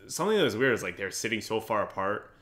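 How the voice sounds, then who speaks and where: A man with a lowish voice co-hosts a casual chat podcast. His pitch swings widely as he riffs, sarcastic and quick to swear. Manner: animated, sarcastic, swears freely. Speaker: podcast co-host.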